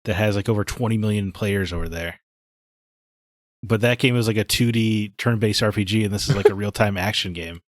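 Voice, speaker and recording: Blunt low-voiced man ranting. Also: a little fast, no echo, clean studio sound. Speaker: podcast co-host. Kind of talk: casual chat.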